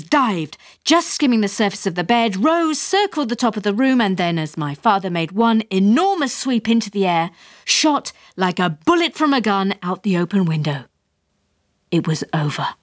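A woman reading her own comic memoir aloud in a radio studio, lively and building with excitement. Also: on the high side, no echo. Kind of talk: storybook reading.

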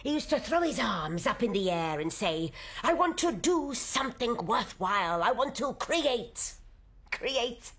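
An actress playing a tough, worn-down middle-aged housewife who talks bluntly and plainly about hard times. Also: female voice, fairly high pitch, big pitch swings, a little slow, a bit bright, husky, heavily acted. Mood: wry. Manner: blunt, matter-of-fact, worn down. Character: tough weary working-class London housewife. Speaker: wife and host of old friends. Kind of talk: stage drama dialogue.

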